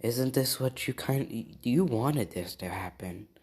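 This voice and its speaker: A man voicing a calm, taunting young villain in a fan-made story, speaking quietly and flatly. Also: medium pitch, slow pace, husky.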